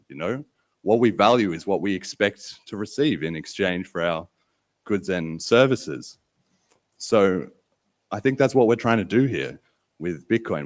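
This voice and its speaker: A man's voice: deep voice, no room sound. A man hosting and emceeing a live conference, telling a casual story with fillers to a crowd. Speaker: podcast host and event MC. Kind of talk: live conference opening talk. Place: event stage before an audience.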